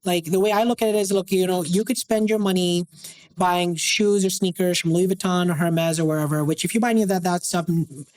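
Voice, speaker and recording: A man's voice: high voice, a little fast, poor audio. A man who deals watches, chatting as a guest on an interview show and acting out the dialogue in his stories. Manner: animated, acts out quoted dialogue. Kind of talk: casual interview storytelling.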